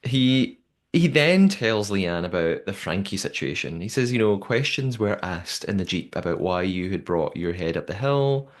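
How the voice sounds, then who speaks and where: Male podcast host, lively pitch, quick to laugh, mimics people he quotes. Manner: animated, laughs often, quotes people in put-on voices. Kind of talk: casual recap chat.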